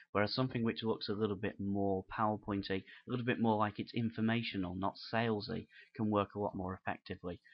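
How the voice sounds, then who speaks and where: A man's voice: on the low side, husky, highs cut off. A man from the United Kingdom presenting an unscripted business marketing lesson in an earnest, encouraging, conversational way. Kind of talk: unscripted instructional talk.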